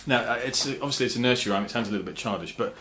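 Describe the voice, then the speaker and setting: A man talking casually to his viewers about songwriting, halting with fillers and restarts, and now and then humming rhythm syllables. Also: mid-range voice, fairly bright tone, a little hiss or hum. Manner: sings rhythm syllables to explain meter. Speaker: songwriter and channel host. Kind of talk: casual talk to camera.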